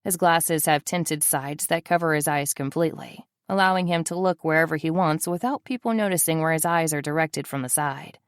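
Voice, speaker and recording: A woman's voice: low-pitched, a little fast, hardly any pauses, smooth, no echo. A woman narrating a first-person audiobook in a wry, sardonic manner, close to the mic.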